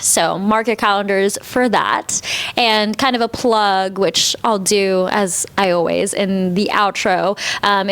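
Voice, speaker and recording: A woman's voice: medium pitch, fairly bright tone. A woman co-hosting a book-club podcast, chatting casually and playfully, laughing easily and reading the show's plugs and sign-off. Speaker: podcast co-host.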